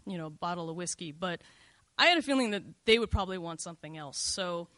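Woman, middle-aged, storyteller, bright tense voice, dry close sound, casual and confessional, lots of "like". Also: fairly low pitch, expressive, fast, no echo. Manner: conversational, frequent "like" and "you know", candid and confessional. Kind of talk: first-person storytelling.

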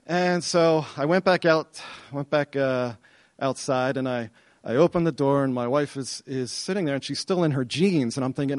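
A middle-aged man telling a personal story to an audience, animated and excited, often repeating himself as he goes. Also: mid-range voice, normal speed, no echo. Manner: animated, excited retelling with self-interruptions and repeats.

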